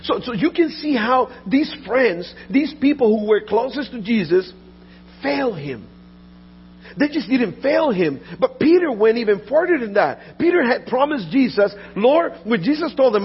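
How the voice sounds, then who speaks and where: High-voiced male preacher, lo-fi recording. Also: expressive, moderate pace. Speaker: pastor. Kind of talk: sermon. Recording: dull lo-fi audio with faint mains hum.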